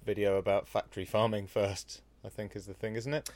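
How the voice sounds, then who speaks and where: Low-voiced host, dry close sound. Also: male voice, level tone, fairly quick, darkish tone, dry recording. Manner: easygoing and agreeable, many "yeah"s. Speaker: podcast host. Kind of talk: casual podcast chat.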